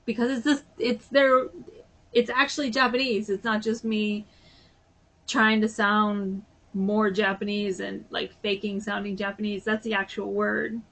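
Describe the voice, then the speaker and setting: A woman's voice: medium pitch, flat delivery, measured pace, creaky, fairly bright tone. A woman vlogger chatting casually and sounding a bit sleepy, rambling with lots of fillers. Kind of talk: casual chat.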